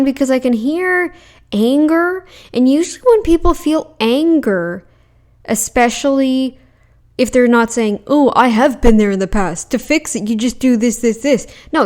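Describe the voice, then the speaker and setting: Blunt, argumentative woman commentator. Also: fairly high pitch. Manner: puts on mocking voices when quoting others. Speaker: commentary channel host. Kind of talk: reaction commentary.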